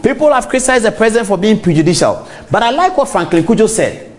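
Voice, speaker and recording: Animated Ghanaian man hosting TV. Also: high-pitched, fast talker. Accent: Ghanaian English. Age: middle-aged. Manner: animated, talks straight to viewers. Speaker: TV talk show host. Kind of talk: on-air commentary.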